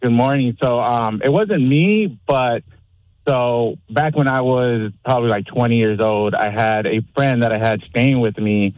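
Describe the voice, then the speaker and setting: A man's voice: medium pitch, a little slow, a little mellow, no room sound, dull audio. Male caller, casual and plainspoken, dry recording. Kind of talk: telling a story on a radio call-in.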